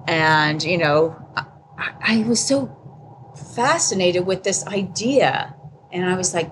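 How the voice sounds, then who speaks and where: A woman in her fifties appears as a podcast guest, telling her story candidly and casually, often laughing and acting out what people said. Her voice sits on the low side and is animated, moving at a slow pace with background noise behind it.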